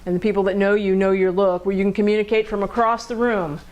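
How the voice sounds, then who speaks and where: A woman's voice: medium pitch, little pitch movement, fast, a little mellow, muffled recording. A woman counselor leading a group lesson in a group room, talking conversationally, asking the group questions and acting out angry voices.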